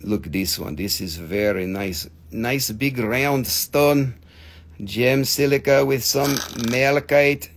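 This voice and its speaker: A man's voice: medium pitch, slow pace, a little hiss or hum. A man hosting a live gem sale show, chatty and joking, swearing casually, with phrasing. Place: gem shop studio.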